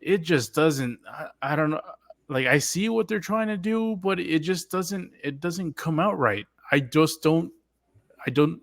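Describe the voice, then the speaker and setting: A man co-hosting a casual podcast discussion, speaking haltingly with many restarts as he airs frank complaints. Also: fairly high pitch, fairly bright tone. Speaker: podcast co-host.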